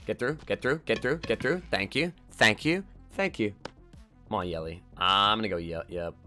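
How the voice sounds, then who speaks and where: A young man giving live, trash-talking commentary on his own baseball video game, jumping between low mutters and sudden yells. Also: moderate pace, soft background music. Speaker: gaming YouTuber.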